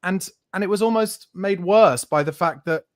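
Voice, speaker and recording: A man's voice: sits high, normal speed, no echo, clean studio sound. A man hosting a casual football podcast, talking at length in analytical detail and swearing casually. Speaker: podcast host.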